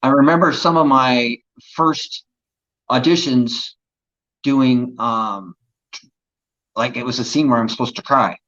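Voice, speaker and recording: A man's voice: mid-range voice, measured pace, long pauses, a bit bright, highs cut off. A man, an actor as an interview guest, telling earnest, reflective stories about his craft. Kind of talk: casual interview chat.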